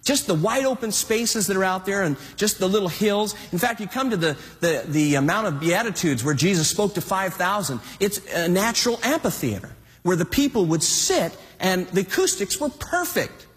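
A male pastor preaches with animated, exhorting energy, telling a story in a high voice. His pitch rises and falls widely, and a long hall reverb follows his words. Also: normal speed, few pauses. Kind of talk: sermon.

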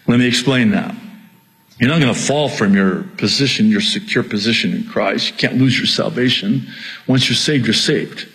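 A man's voice: mid-range voice, moderate pace, a bit bright, poor audio. A middle-aged male pastor preaching a sermon, exhorting and repeating his key points, with jokes at his own expense.

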